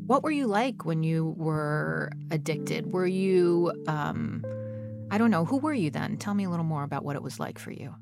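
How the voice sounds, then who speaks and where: A woman's voice: deep voice, lively intonation, moderate pace, creaky, over music. A woman interviewer asking curious, probing questions.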